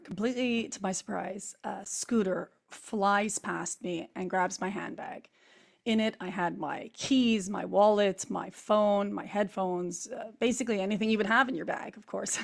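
A woman talks straight to her viewers in a hoarse voice, her vocal cords worn from screaming. Her tone has a gravelly, creaky edge, neither high nor low. She tells her story in an animated rush of run-on clauses and fillers. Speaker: spiritual vlogger. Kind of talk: casual storytelling to camera.

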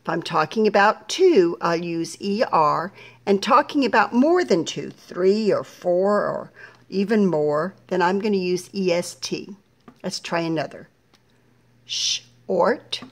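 Woman teacher, middle-aged, slightly low voice, very slow and patient, splitting children's words into syllables. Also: lively intonation. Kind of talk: slow phonics lesson for young children.

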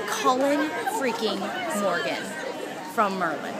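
Excitable woman vlogging outdoors. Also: fairly high pitch, normal speed. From United States. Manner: excitable, gushing, giggly fan chatter. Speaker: travel vlogger. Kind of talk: casual travel vlog. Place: outdoors in busy city streets and tourist sites. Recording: loud outdoor crowd and street noise.

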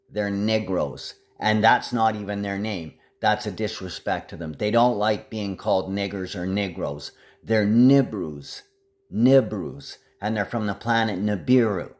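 A man delivering a rambling, agitated monologue to camera, jumping from one topic to the next. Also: medium pitch.

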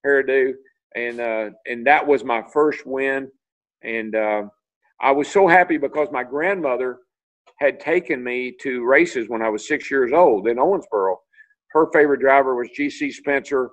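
A man's voice: mid-range voice, moderate pace, rough recording. An older man from Tennessee, telling long anecdotes as a guest on a video call interview, full of restarts and fillers. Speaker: interview guest, retired racing driver.

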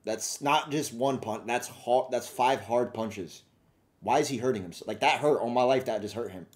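A man's voice: medium pitch, moderate pace, a little hiss or hum. A man giving casual reaction commentary on clips, slangy and incredulous.

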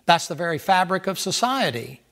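Gravelly pastor guy preaching hard, keeps firing questions at the room, kinda high voice. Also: very animated, brisk. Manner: emphatic preaching, rhetorical questions, swings from loud to soft. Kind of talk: Bible study sermon.

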